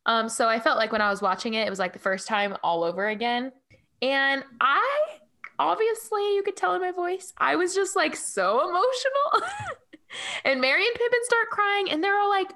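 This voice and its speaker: A woman co-hosting a podcast in casual chat, emotional and animated, laughing often. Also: high-pitched, moderate pace. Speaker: podcast co-host.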